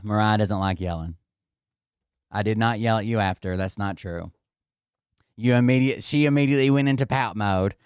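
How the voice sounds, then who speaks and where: A man telling a story casually, animated and swearing often. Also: fairly low pitch, moderate pace, pauses often, clear, resonant tone, no room sound, studio quality. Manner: animated and heavily profane, with laughter. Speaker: vlogger telling a home story.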